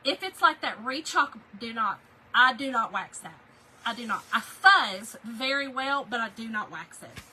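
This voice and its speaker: A woman's voice: fairly high pitch, expressive, measured pace, bright, forceful tone, slight background noise, rough recording. A middle-aged woman, chatting folksily while she crafts, laughing often and answering viewer comments. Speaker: craft livestream host. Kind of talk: casual livestream chat while crafting.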